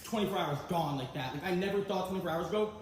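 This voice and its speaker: A man's voice: sits high, racing. Furious, profane man ranting. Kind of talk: ranting stream clip. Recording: echoey room with faint background noise.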